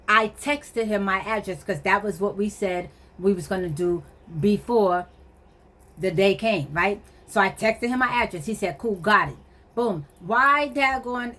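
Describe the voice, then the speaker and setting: A woman casually retelling a frustrating story, animated and exasperated, full of slangy asides and quoted back-and-forth. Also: mid-range voice. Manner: conversational, slangy, frequent fillers like "or whatever".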